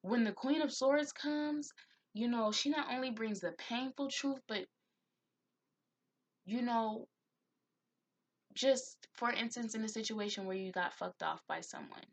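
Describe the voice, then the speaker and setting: A woman's voice: a little high, measured pace, long pauses. A woman giving a spiritual tarot reading, heartfelt and encouraging, who admits to getting emotional. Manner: gets emotional. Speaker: tarot reader.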